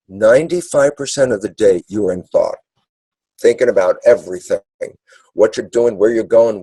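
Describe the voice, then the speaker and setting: A man's voice: fairly low pitch, warm tone, husky, no echo, poor audio. A man giving an emphatic talk, acting out little dialogues as he goes. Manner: acts out dialogues in quick asides. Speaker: speaker. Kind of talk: animated lecture.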